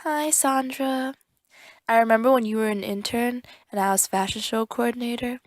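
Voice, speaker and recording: A woman's voice: a little high, fairly even intonation, moderate pace, no echo. A young woman giving an earnest, grateful farewell message to a friend. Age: young adult. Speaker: student club member.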